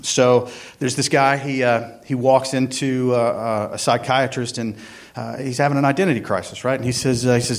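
A man's voice: mid-range voice, fairly even intonation, moderate pace. A man, a church worship director giving a casual, rambling sermon with prayer and a joke, full of ums and uhs. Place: church sanctuary.

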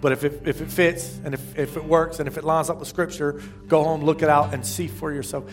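A man preaching a sermon as pastor, talking to the congregation conversationally, with restarts and sudden loud rises. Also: fairly high pitch, flat delivery, brisk, music in the background.

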